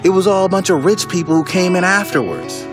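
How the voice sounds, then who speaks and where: A man's voice: high-pitched, brisk, music in the background. A young man delivering an impassioned, exasperated political rant, swinging between weary sighs and raised outbursts. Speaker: commentator.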